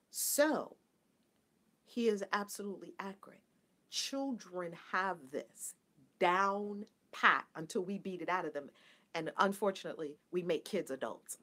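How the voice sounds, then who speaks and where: A woman hosting a casual spiritual talk for her viewers, animated and playful, laughing often and mimicking people. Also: medium pitch. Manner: mimics people in a flat, dutiful voice. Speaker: spiritual livestream host.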